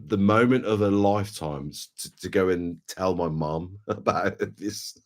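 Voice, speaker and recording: A man hosting a live stream, chatting casually and in a low-key way with his viewers. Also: fairly even intonation, normal speed, hardly any pauses. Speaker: streamer host.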